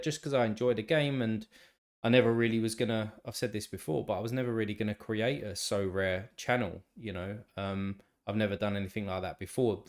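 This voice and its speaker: Still a bit tired and stuffed up, this man speaks in a low-ish, nasal voice while running a relaxed live stream. His talk wanders casually, sentences often begin again, and he replies to viewers using their names.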